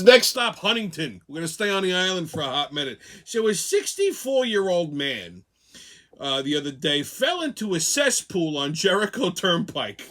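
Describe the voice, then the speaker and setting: A man's voice: a little high, a bit bright. A middle-aged man hosting a comedic news rant, profane and sarcastic, laughing at his own jokes. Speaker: host.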